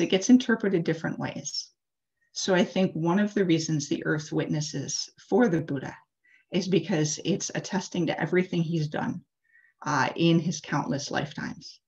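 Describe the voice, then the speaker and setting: A woman's voice: low-pitched, a little mellow. A woman interfaith leader telling a sacred story in a casual, chatty sermon, with frequent fillers, over a video call. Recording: dull lo-fi video call audio.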